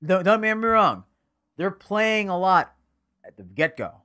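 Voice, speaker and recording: A young man co-hosting a casual anime podcast, animated and profane, often acting out characters' lines. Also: high voice, a little slow. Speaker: podcast co-host. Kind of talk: casual anime review chat.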